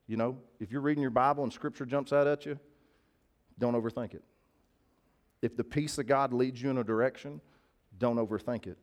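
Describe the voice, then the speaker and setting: A man's voice: medium pitch, brisk, pauses often. Casual, folksy male preacher. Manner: conversational, folksy, asks the crowd to agree. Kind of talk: sermon.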